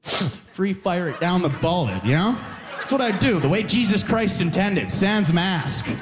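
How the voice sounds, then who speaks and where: A man's voice: sits high, big pitch swings, measured pace, over music. A young man from Alberta, Canada, doing a chatty stand-up comedy set in a live venue, full of "you know" asides.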